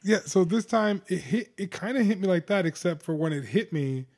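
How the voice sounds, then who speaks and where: A man chatting on a podcast with a slightly higher voice than most men. He tells stories loosely and profanely, with quick jokes and asides. He sounds relaxed and conversational. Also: breathy edge. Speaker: podcast co-host. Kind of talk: casual chat.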